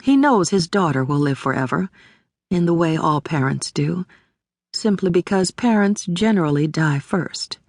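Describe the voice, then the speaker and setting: A woman narrating a literary audiobook in a measured, deliberate way, recorded on a close studio mic. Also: lowish voice, expressive, darkish tone, dry recording.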